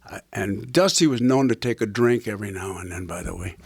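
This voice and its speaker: Telling meandering baseball stories that land on punchlines, this older former catcher and broadcaster speaks fairly quickly to a small group. His voice is on the low side, gravelly and slightly rough, with no room sound.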